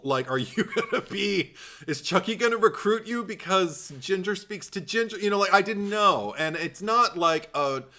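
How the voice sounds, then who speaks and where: Bright-voiced animated male podcaster. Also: mid-range voice. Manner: animated, laughs often, playful. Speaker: podcast co-host. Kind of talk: casual podcast chat.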